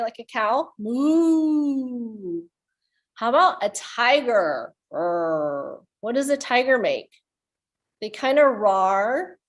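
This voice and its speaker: A woman leading a children's storytime, reading aloud and playfully making animal sounds with the kids. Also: a little high. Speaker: children's librarian.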